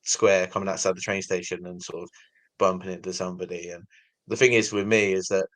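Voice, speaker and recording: A man's voice: deep voice, little pitch movement, fairly quick, fairly bright tone, no echo. A man in his thirties with an English accent hosting a casual interview, loose and full of "sort of" fillers. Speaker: podcast host, interviewer.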